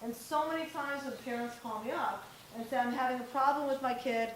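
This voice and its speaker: A middle-aged woman with a fairly high voice talks to a room of parents and teens in a direct, conversational way, now and then acting out bits of dialogue. The room is echoey and a faint hiss sits under her voice. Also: a little fast, distant mic. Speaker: parenting workshop presenter. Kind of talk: live presentation to parents and teens.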